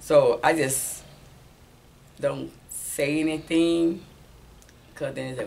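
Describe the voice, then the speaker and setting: A woman in a church class explaining herself haltingly, repeating words as she searches for them. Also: sits low, fairly even intonation, vocal fry, a little mellow, slight background noise. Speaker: class member. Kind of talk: sharing in a church class discussion.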